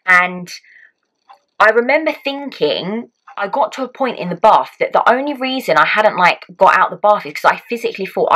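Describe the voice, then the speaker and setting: Low-voiced woman telling a story. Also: normal speed, low-quality recording. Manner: animated, heavy use of "like" as filler. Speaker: vlogger. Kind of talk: casual personal storytelling.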